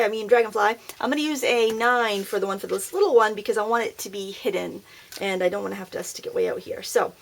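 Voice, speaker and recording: A woman's voice: a little high, vocal fry. A woman hosting a casual craft tutorial at her craft table, chatty, upbeat and self-deprecating. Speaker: craft video host.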